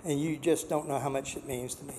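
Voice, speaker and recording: An older man giving an earnest, excitable award acceptance speech, repeating words for emphasis. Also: mid-range voice, brisk, slight background noise. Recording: long reverb of a large hall.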